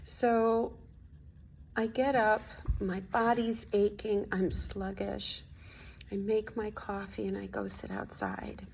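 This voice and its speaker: Woman, spiritual vlogger: confiding, heartfelt, slight vocal fry, faint background noise. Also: mid-range voice, animated, slow. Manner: heartfelt, confiding, drifts into soft near-whispers. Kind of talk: personal spiritual vlog.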